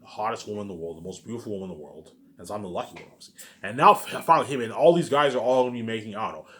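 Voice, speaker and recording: Male vlogger with a lowish voice and a rapid delivery. Delivers a heated, profane, repetitive monologue full of restarts. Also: fairly bright tone. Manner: repetitive, profane, keeps asking "you know what I'm saying"; heated, restarts and stammers often. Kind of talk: rambling personal monologue.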